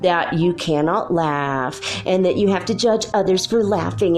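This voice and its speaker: Middle-aged female host, low-pitched, giggly and animated in casual monologue, faint music bed. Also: measured pace. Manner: giggly, animated storytelling, frequent "like". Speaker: spiritual channel host.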